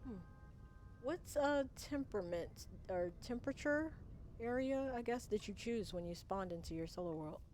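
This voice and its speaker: A woman's voice: fairly high pitch, animated, moderate pace, darkish tone, soft background music. A young American woman chatting casually with her viewers while streaming a game, rambling and often laughing between remarks. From United States.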